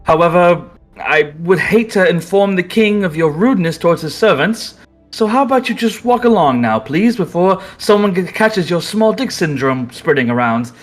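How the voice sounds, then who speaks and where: Brief: male GM voicing a formal butler, courteous and slightly high. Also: lively intonation, moderate pace, soft background music. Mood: politely cutting. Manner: formal, courteous, dry wit. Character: polite, composed male butler at a masquerade.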